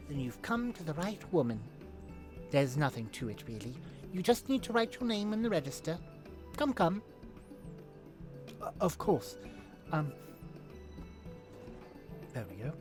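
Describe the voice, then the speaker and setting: A man voicing a brisk, teasing woman who runs an adventurers' guild desk in a fantasy game. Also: fairly high pitch, big pitch swings, music in the background.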